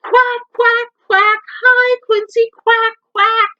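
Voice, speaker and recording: A woman voicing a loud, chatty female duck who quacks shrilly and excitedly. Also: extremely high pitch, slow, pitched above the performer's own voice, full character voice. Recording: dull lo-fi recording.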